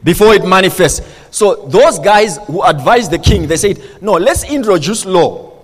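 A pastor delivers a lively sermon in a notably high male voice. He keeps throwing rhetorical questions at his congregation. The sound rings with the long reverb of a large church hall.

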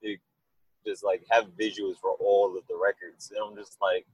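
A man with a fairly low, husky voice chats casually in an interview. He rambles and tells animated stories. The sound is dry and close. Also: normal speed, no echo, poor audio. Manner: rambling, animated storytelling with laughs. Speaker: musician guest.

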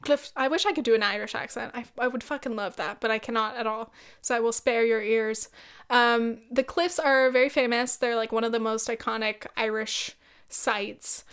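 A woman's voice: a little high, steady tone, moderate pace, a bit bright, clean tone. A woman hosting a podcast, telling a casual story in a blunt, profane way and laughing often. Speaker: podcast host.

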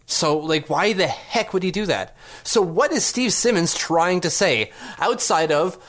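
Here a man hosts a sports podcast, his high-sitting, somewhat bright voice moving with lively intonation at a slightly slow pace. The talk is a casual, sarcastic rant peppered with rhetorical questions.

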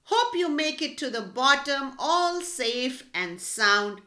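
A woman's voice: high voice, very animated, slow pace, sharp tone, pitched above the performer's own voice, heavily acted. A woman voicing a sly, cheerful male trickster rabbit in a children's storybook reading, coaxing and singsong.

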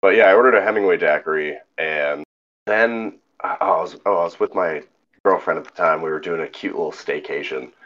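A man co-hosting a podcast, telling an animated story in casual chat and swearing freely. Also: deep voice, fairly quick, highs cut off. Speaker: podcast co-host.

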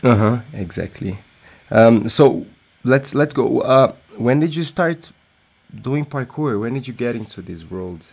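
A man's voice: mid-range voice, expressive, unhurried, vocal fry, darkish tone, breathy edge. A man hosting a podcast, chatting in a friendly way and laughing easily. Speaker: podcast host. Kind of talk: casual podcast interview. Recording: faint music and machine hum.

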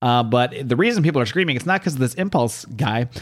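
A man hosting a podcast, recapping a comic book with irreverent humor and plenty of swearing. He speaks at an ordinary pitch, laughs often and rambles, correcting himself now and then. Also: expressive, fast talker. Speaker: podcast host.

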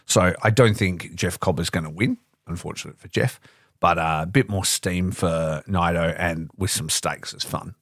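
A man co-hosting a podcast, chatting casually and profanely about wrestling, laid-back and quick to laugh. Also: low voice, no echo, clean studio sound. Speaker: podcast co-host.

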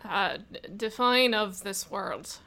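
Woman, tabletop player, slow hesitant speech, bright tone. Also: medium pitch, creaky. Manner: hesitant, halting with repeated words. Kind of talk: playing a character in a tabletop game.

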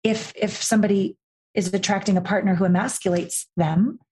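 Animated woman life coach, storytelling. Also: mid-range voice, brisk. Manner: animated storyteller, acts out quoted voices, swears freely. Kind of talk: podcast guest conversation.

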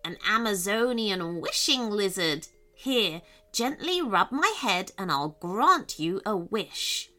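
Storybook: a woman as a small, kindly male lizard, slow and soft with a lively lilt. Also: mid-range voice, soft background music, full character voice.

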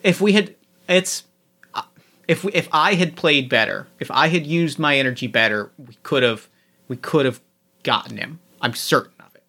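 A man playing a tabletop role-playing game, talking in halting restarts and explaining the rules. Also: on the high side, lively intonation, sharp tone. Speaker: player. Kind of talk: casual tabletop game play.

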